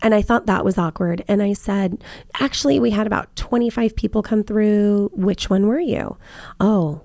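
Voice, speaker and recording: A woman's voice: medium pitch, normal speed, creaky, warm tone, dry recording, studio quality. A woman realtor telling work stories in casual chat, acting out both sides of her phone calls. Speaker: realtor and podcast host.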